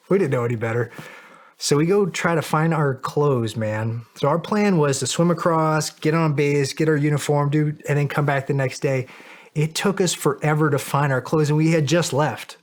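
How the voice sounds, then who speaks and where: A man's voice: fairly high pitch, normal speed. A middle-aged man, a podcast guest, telling a long story in casual, profane, self-mocking style. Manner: animated, profane, laughs at himself.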